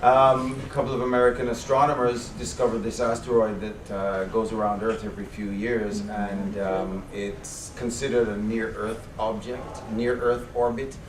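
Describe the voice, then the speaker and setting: A man who is an actor, speaking on a convention panel in a relaxed, wry way. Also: lowish voice, normal speed, few pauses, a crowd in the background. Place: large convention hall. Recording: echoey hall, far from the camera, hiss.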